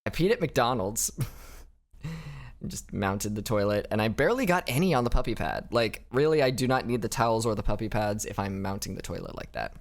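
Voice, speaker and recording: A young man narrating a casual diary vlog in a rambling, self-deprecating way, halting and restarting often. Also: lowish voice, expressive. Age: young adult. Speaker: vlogger.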